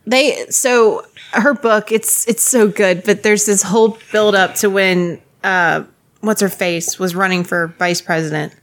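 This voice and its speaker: A woman chatting casually, rambling through stories with plenty of fillers and restarts. She teases the others and laughs often. Her voice sits at an ordinary pitch. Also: fairly even intonation, a little slow. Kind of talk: casual chat.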